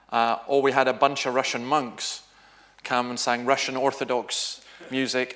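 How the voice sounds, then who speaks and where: A middle-aged minister speaks in a church, telling stories with lively shifts of voice. He acts out the people in his anecdotes as he goes. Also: medium pitch. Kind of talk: sermon talk with anecdotes.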